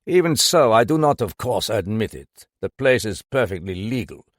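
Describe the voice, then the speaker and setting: Man playing a suave club owner, audiobook, calm and urbane, lively inflection, husky tone. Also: fairly low pitch, no room sound, clean studio sound. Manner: urbane and measured. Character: smooth composed wealthy club owner. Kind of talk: audiobook character voice.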